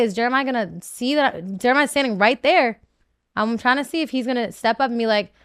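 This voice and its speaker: Young woman guest on a podcast, smooth clear voice, dry close mic, rambles and restarts a lot, gets emotional. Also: a little high, a little fast, fairly bright tone, dry recording. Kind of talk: candid interview talk.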